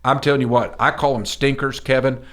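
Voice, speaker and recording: A man's voice: mid-range voice, fairly even intonation, brisk, fairly bright tone. A middle-aged man co-hosting a motivational podcast, talking in a folksy, emphatic, preacher-like way. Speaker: podcast co-host.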